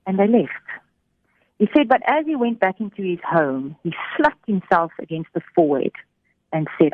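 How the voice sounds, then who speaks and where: A woman telling a faith story on the radio, animated, giving voice to the people in it. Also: mid-range voice, normal speed, no room sound. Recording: thin phone-like radio sound.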